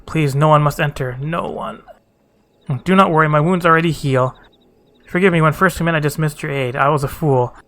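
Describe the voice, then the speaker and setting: A man's voice: a little high, a little fast, fairly bright tone, natural voice. A man reading a wounded, secretive young woman in a game, speaking earnestly and pleadingly.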